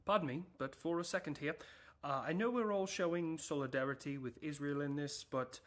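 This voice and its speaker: A man voicing a prim, polite male diplomat nation who speaks softly and hesitantly. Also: on the high side, fairly quick, natural voice. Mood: fussy.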